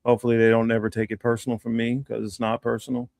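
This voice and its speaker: A man co-hosting a livestream, talking casually in a rambling, halting way with lots of fillers. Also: mid-range voice, completely flat delivery, gravelly, a little mellow, no room sound, studio quality. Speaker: livestream co-host. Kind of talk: casual chat.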